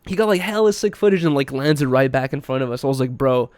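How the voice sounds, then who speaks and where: A young man hosting a podcast tells a story in casual chat, laid-back and slangy with plenty of fillers. His mid-range voice is animated and darkish in tone, he talks at a quick pace, and the recording is dry.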